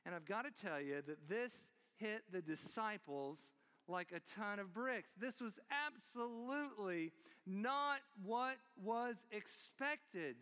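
Male pastor, high voice, storytelling sermon, church hall reverb. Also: animated, takes it slowly, bright, forceful tone, smooth. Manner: storytelling, joking asides. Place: church sanctuary.

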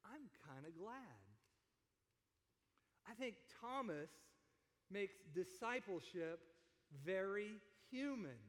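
Guy preaching, chatty and animated, high voice, big hall echo. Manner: conversational, animated, asks the congregation questions. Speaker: pastor. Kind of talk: sermon.

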